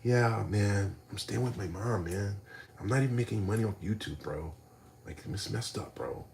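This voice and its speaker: A man's voice: on the low side, normal speed, vocal fry, darkish tone, a little hiss or hum, voice pushed down. A man mimicking a meek, whiny young man who mumbles and hesitates.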